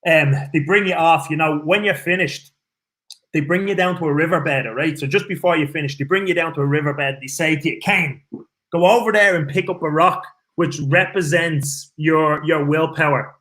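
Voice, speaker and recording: A man's voice: fairly high pitch, moderate pace, a bit bright. A man from Ireland with an Irish accent, a guest on a casual talk show, telling stories animatedly and swearing freely. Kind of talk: casual storytelling chat.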